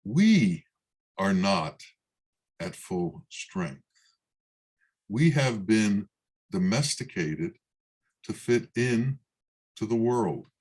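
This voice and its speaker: A man gives a spiritual talk as a Sufi teacher, unfolding a parable in a measured way. His voice sits low, and he takes his time, leaving long pauses between phrases. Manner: slow, measured storytelling.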